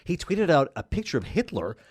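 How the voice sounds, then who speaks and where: Quick, animated man telling stories. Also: on the high side, husky, no room sound, studio quality. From Canada. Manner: lively storyteller who acts out others' lines. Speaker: sports anchor guest. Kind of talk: animated anecdotal radio storytelling. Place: radio studio.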